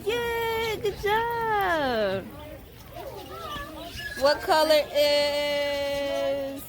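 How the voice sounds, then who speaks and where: A woman's voice: sits high, extremely slow, background noise. A young woman filming a family outing, coaxing her toddler and laughing often. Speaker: mother and vlogger. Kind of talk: casual family vlog narration. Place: outdoor aviary with birds.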